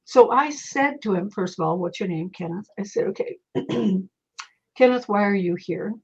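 A middle-aged woman with a husky, slightly breathy voice speaks as a medium guest in a casual interview. She tells her stories in a lively way, shifting into the voices of the people she quotes. The recording sounds a little dull and lo-fi. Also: medium pitch, normal speed.

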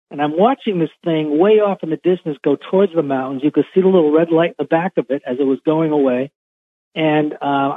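Husky man telling his story over a phone line. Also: on the high side. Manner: halting, repeats words, rambling first-person account. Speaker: caller recounting a UFO encounter. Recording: tinny phone line on radio.

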